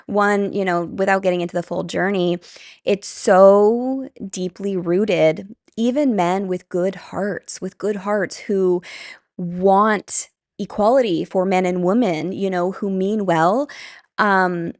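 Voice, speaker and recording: A woman's voice: medium pitch, fairly even intonation, slow pace, darkish tone, no room sound, studio quality. A woman giving candid commentary to her viewers, earnest and conversational, with frequent fillers and bursts of laughter. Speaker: vlogger.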